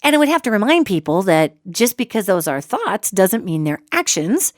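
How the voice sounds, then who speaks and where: A woman hosting a solo podcast, talking in an animated, joking way and acting out quoted voices. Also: mid-range voice, moderate pace, no room sound, studio quality. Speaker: podcast host.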